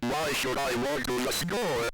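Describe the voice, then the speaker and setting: Vintage computer speech voice, flat and robotic, slow, heard from a distance. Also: male voice, mid-range voice. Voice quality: flat retro synthesized speech. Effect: robot synthesizer. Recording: from far off, faint music.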